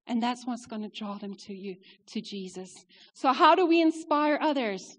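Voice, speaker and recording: Woman preacher, high voice, earnest sermon delivery with big swings between loud and soft, long church-hall reverb. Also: animated, normal speed. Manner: earnest, rises for emphasis then drops soft.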